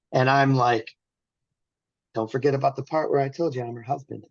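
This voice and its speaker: A man's voice: medium pitch, fairly even intonation, fairly quick, gravelly, pauses often, no room sound, lo-fi sound. Man telling a rambling personal story. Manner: rambling, restarts often, acts out quotes. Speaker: interview guest.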